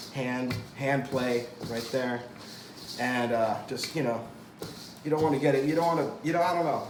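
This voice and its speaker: Guy rambling and joking through a cooking demo, mid pitch, roomy kitchen echo, dishes clanking behind him. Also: slight background noise. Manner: rambling and jokey, lots of fillers and restarts. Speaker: cooking show host. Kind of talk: casual cooking demonstration. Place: home kitchen. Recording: echoey kitchen with clattering dishes. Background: clattering pots and dishes.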